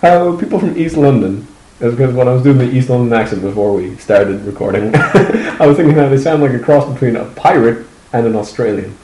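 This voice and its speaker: A man chatting on a podcast with a lively, bouncing delivery that swings up and down. He jokes, exaggerates for laughs and laughs often. The sound carries the echo of a roomy space. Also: medium pitch, a little fast, a little hiss or hum. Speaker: podcast co-host. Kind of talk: casual chat.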